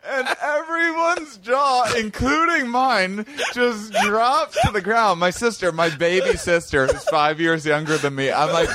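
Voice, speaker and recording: A man with a fairly high voice tells a story in a loose, casual way. He gets animated and jumps up high when he quotes people. The sound is dry and close. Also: a little slow, no room sound. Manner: animated, swings to high excited tones when quoting. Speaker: podcast guest telling a story.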